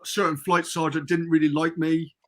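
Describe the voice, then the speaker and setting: A man's voice: a little high, little pitch movement, a little fast, fairly bright tone. A middle-aged man from England, a podcast guest telling rambling stories in casual chat over a remote call. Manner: rambling storyteller, chatty and informal.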